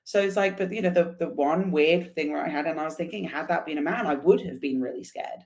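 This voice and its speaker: A woman guest telling a lively, casual story and acting out the dialogue. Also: low-pitched, fast talker. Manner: animated, acts out dialogue in anecdotes. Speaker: guest, motorcycle traveler.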